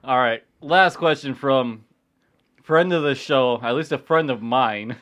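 A man's voice: mid-range voice, a little slow, fairly bright tone. A man co-hosting a casual sports podcast, chatty and teasing the others. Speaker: podcast co-host.

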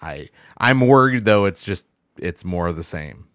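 A man's voice: sits low, expressive, moderate pace, fairly bright tone, dry recording. A man on a casual sports podcast giving blunt, matter-of-fact hockey opinions. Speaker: podcast co-host and hockey analyst.

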